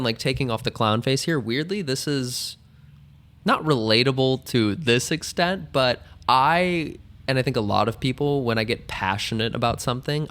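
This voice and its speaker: A man's voice: medium pitch, fairly bright tone. A man hosting a podcast, answering listener questions in a candid, rambling, self-mocking way. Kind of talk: casual advice chat.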